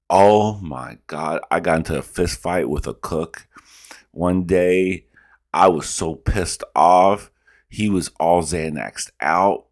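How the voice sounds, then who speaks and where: Deep-voiced man telling profane stories. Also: slow. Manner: profane, animated storytelling. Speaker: reaction video host. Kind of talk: casual reaction commentary.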